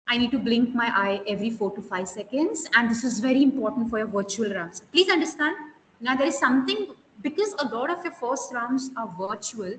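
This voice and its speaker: A woman teaching an online interview skills class, stressing key words and quizzing her students. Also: sits high. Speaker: soft skills interview trainer. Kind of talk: live online class lecture. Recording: echoey room with long reverb, faint hiss.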